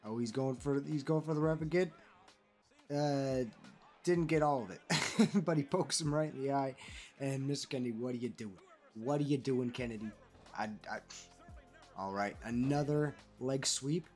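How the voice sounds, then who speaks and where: A man giving casual, animated play-by-play commentary over a wrestling video game he is playing, calling players "brother". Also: medium pitch, moderate pace, long pauses, faint music behind. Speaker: gaming commentator.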